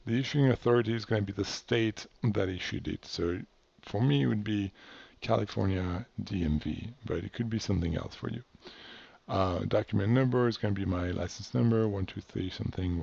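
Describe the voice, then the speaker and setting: A man's voice: lowish voice, gravelly, darkish tone, slightly rough, highs cut off. A man from France casually walking through paperwork in a loose, offhand tutorial, correcting himself as he goes. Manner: loose and offhand, many fillers and self-corrections. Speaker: instructor. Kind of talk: casual screen-share tutorial.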